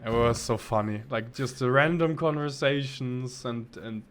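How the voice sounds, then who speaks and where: A man's voice: mid-range voice, normal speed. A man co-hosting a podcast, telling a story in a rambling, casual way with many restarts. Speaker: podcast co-host.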